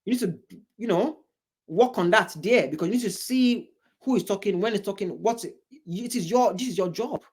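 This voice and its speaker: A man's voice: high-pitched, normal speed, breathy edge. A man hosting a reaction video, commenting in a mocking way and mimicking the people he watches.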